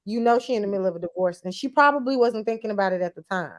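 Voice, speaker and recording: A woman's voice: medium pitch, rapid-fire. A woman co-hosting a casual reality-TV recap chat, blunt and slangy, laughing often. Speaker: podcast co-host.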